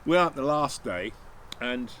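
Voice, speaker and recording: A man's voice: mid-range voice, lively intonation, measured pace, fairly bright tone, slight background noise, poor audio. A man casually telling a long anecdote, rambling with restarts and acting out what people said. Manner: rambling, anecdotal, acts out dialogue with many restarts. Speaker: channel host telling a hunting anecdote. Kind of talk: casual storytelling.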